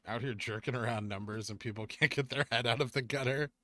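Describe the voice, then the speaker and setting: A man's voice: mid-range voice, quick pace, sharp tone, no echo. A man with a Southern Californian accent, casually reading chat messages aloud on a live stream and answering them, saying "like" a lot. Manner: reads chat comments aloud and answers them, chatty, says "like" often.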